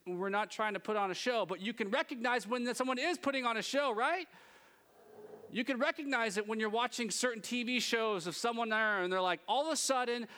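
A man preaching a sermon from a church stage, talking in a lively, joking, conversational way. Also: very high-pitched. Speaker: pastor.

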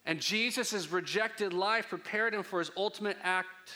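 Casting: young adult male pastor, bright, forceful voice, slightly high, casual conversational preaching with jokes. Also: moderate pace. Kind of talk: sermon.

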